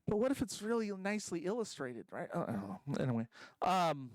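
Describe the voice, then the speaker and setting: A man's voice: high-pitched, very animated, a little fast, no echo, poor audio. A man doing a stand-up comedy set at a convention stage, rambling and self-deprecating, full of ums and restarts.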